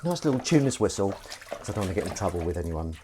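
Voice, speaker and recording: Talking fast in a deep, very animated voice, a man washes up while hosting a live stream, rambling, swearing casually and joking at his own expense. The recording is very noisy.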